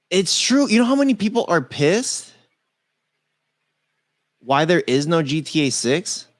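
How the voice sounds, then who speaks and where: Laid-back joking man with a lively voice. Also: on the high side, takes it slowly, long pauses, dry recording, clean studio sound. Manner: loose, joking, laughs often, swears. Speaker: podcast co-host. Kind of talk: casual tech-news chat.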